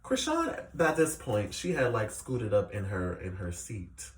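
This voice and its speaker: A man giving a casual, animated recap of a reality show, with plenty of fillers as he retells the scenes. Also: on the low side, unhurried. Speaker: reality TV reviewer. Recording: echoey room, distant mic.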